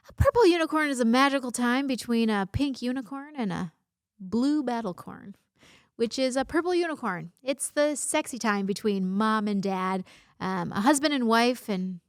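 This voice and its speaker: A woman in her thirties hosts her own casual vlog, speaking straight to the camera. Her voice sits a little high, and her delivery is bubbly and playful, full of jokey asides. The sound is close and dry, with almost no room echo. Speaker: vlog host. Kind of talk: casual talking-head vlog.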